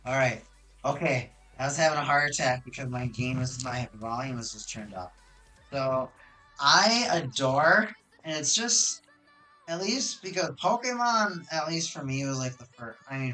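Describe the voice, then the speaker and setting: Excitable streamer on a hot mic. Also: medium pitch, moderate pace, soft background music. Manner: excitable and chatty, with frequent restarts and self-corrections. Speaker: card game streamer. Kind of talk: casual live-stream chat while opening card boxes. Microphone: hot desk microphone with high gain.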